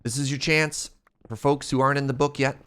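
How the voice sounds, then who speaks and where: A man streaming a game, chatting casually and excitably with his viewers, his voice strained from shouting. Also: mid-range voice, a little fast, a little hiss or hum. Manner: excitable, chatty, laughs often. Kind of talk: casual live-stream chat.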